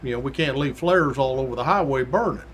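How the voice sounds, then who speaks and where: A man's voice: fast, slight background noise. A middle-aged man hosting a show, telling a work story in a casual, folksy way and acting out the people in it. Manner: folksy, acts out quoted voices with rising pitch. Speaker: podcast host, retired state trooper.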